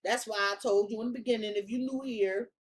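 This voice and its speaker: High-voiced woman, tarot reader, casual monologue, slangy and emphatic with lots of cursing. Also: fairly even intonation, fast talker. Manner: blunt, profane, slangy and emphatic.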